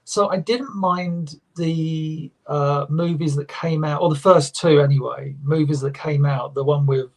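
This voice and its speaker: A man chatting on a live panel show, often halting and restarting his sentences. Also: a little high, steady tone. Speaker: guest. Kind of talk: casual panel chat.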